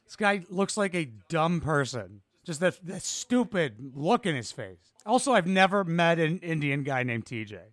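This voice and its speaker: A man's voice: on the high side, very animated, normal speed, few pauses, fairly bright tone, no echo. A man hosting a podcast, giving crude, sarcastic comedic reactions to reality TV clips. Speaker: podcast host.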